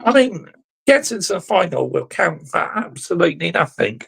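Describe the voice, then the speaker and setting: A man's voice: high-pitched, big pitch swings, moderate pace, creaky, fairly bright tone, breathy edge. A man ranting as a football fan vlogger, exasperated and sarcastic, swearing and repeatedly addressing his viewers.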